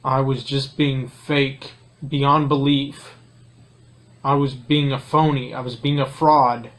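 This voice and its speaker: Slow-spoken, sighing man confessing. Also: mid-range voice, level tone, fairly bright tone. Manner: slow, hesitant, sighing, self-critical. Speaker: guest. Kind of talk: emotional confession.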